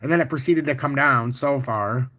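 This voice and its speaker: A man hosting a casual crypto livestream, walking through charts and chatting with viewers in a boastful, profane, animated way. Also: medium pitch, normal speed. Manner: boastful and confident. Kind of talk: casual livestream chart talk, answering chat.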